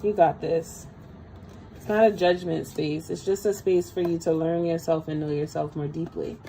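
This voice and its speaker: A woman's voice: deep voice, steady tone, normal speed, mellow, a little hiss or hum, rough recording. A woman giving a casual livestream tarot reading, chatty and speaking straight to her viewers. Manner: chatty, talks straight to viewers, calls them girl. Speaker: tarot reader.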